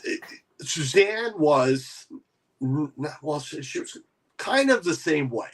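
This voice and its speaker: A man's voice: fairly high pitch, lively intonation, slow pace, fairly bright tone. A man hosting a casual livestream chat, rambling with many restarts. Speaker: livestream host.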